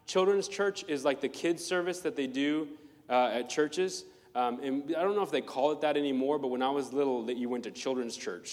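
A man's voice: medium pitch, long reverb tail. A man preaching a sermon, telling playful personal stories and acting out the voices in them. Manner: animated, playful, acts out voices in his stories.

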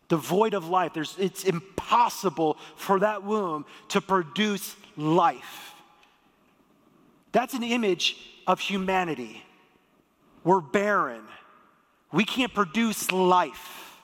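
High-voiced pastor preaching in a hall. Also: male voice. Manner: lively, joking storyteller. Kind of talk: sermon. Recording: long hall reverb.

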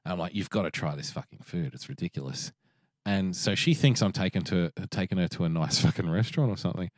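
Australian man, podcast co-host, low voice, dry recording, profane, laughing storyteller. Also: fast, no echo. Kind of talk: casual chat.

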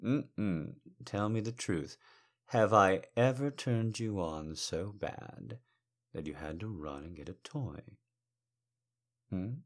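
A man voicing a confident, teasing male lover in an intimate audio role-play, talking slowly and softly in a low murmur. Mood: sultry teasing.

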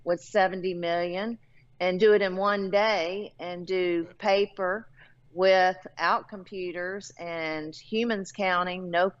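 A woman's voice: fairly low pitch, fairly even intonation, slow. A woman with a Southern American accent answering interview questions as a political candidate, earnest and plain-spoken. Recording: dull lo-fi audio.

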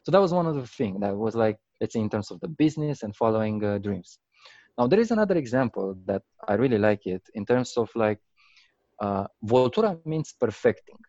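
Animated low-voiced man telling stories. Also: fairly quick, no room sound, highs cut off. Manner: animated, acts out quotes with big pitch jumps, many fillers. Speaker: guest, game company founder. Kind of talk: casual interview storytelling.

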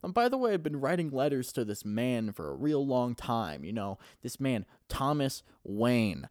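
A man putting on the falsetto voice of a rambling older mother who muses and trails off. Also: very animated, moderate pace, darkish tone, no echo, studio quality, natural voice. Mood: musing. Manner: musing, trailing off with hums.

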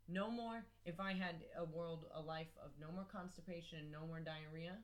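A woman's voice: low voice, little pitch movement, fairly quick. A young adult woman co-hosting a casual comedic podcast, talking candidly and self-deprecatingly in a rambling way. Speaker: podcast co-host.

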